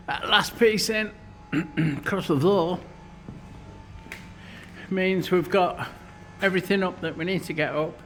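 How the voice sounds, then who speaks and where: A metal fabricator narrates his workshop vlog in a high-pitched voice, going slowly with frequent pauses against a noisy background. He's blunt and swears heavily in this casual explanation of his metalwork, and sometimes sounds out of breath.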